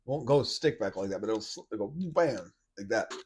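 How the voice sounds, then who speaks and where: Podcast host, male, lowish voice, rambling and blunt, casual monologue. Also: animated, normal speed, a little mellow, a little hiss or hum. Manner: rambling, loose, many restarts and "like" fillers; blunt and mocking, with occasional swearing.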